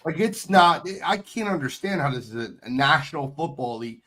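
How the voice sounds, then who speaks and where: A man's voice: fairly high pitch, expressive, a bit bright, a little hiss or hum. A man hosting a casual sports podcast, teasing his panelists and passing them the floor. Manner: teasing, quick to hand off. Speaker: podcast host.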